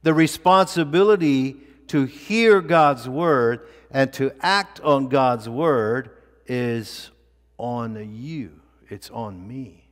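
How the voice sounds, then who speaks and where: A male pastor preaching a sermon in a church, with deliberate, emphatic delivery and repeated phrases for weight. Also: medium pitch, in a large hall. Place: church sanctuary.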